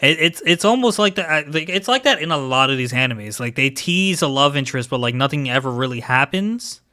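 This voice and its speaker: A man's voice: mid-range voice, animated, a little fast, sharp tone. A man in casual podcast chat about anime, rambling opinions with lots of filler words. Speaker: podcast co-host.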